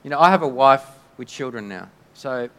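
Man, pastor, chatty sermon, mid-pitched, echo of a church hall. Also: expressive, fairly bright tone. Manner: conversational, halting, with many restarts. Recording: long hall reverb.

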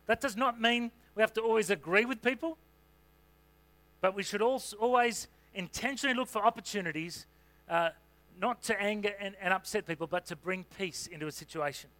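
A man's voice: high-pitched, a little fast, fairly bright tone, no echo. A man preaching a sermon in a conversational, humorous way, with asides and fillers. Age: adult parent.

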